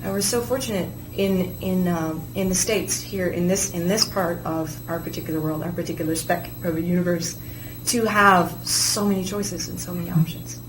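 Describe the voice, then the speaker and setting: A woman's voice: fairly low pitch, steady tone, moderate pace, few pauses. A woman with a theater degree, speaking earnestly and reflectively as a guest on a talk show. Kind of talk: casual chat. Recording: echoey room with clear background noise.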